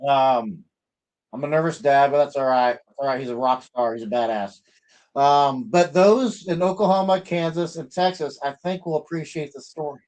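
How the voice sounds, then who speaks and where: A man's voice: a little high, moderate pace, darkish tone, low-quality recording. A middle-aged man from the American Midwest hosting a casual livestream, chatting in a rambling way with many fillers and restarts. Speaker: livestream host.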